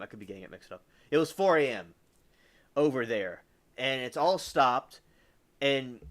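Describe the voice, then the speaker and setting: A man talks through the latest news on his livestream in a loose, casual commentary. He speaks very slowly and wanders as he goes, often stopping to correct himself mid-sentence. His pitch sits in an ordinary middle range. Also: a bit bright. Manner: rambling, self-correcting. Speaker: livestream host.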